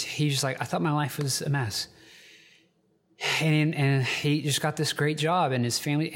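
A man's voice: medium pitch, in a large hall. A man giving an informal sermon from home, telling a personal story in a conversational way with fillers and restarts. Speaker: pastor.

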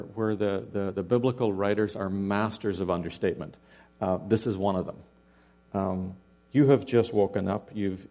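A man's voice: fairly low pitch, gravelly, dark tone. A man preaching a sermon, retelling a scripture story with dramatic rhetorical questions.

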